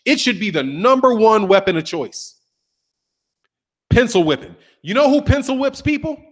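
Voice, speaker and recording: High-voiced man ranting casually. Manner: animated, profane, acts out voices of others. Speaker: boxing channel host. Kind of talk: casual monologue rant.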